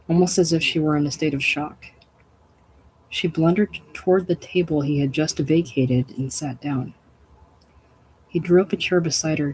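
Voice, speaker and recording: A reader casually reading a short story aloud at home, in plain, unhurried narration. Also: mid-range voice, a little mellow, slight background noise, rough recording. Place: home, at night. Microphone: livestream microphone.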